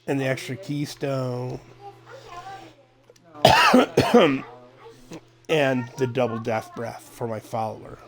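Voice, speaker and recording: A middle-aged man streaming a video game, rambling casually and thinking out loud as he plays. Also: mid-range voice. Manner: rambling, relaxed, thinking aloud with fillers. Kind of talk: casual gameplay chatter.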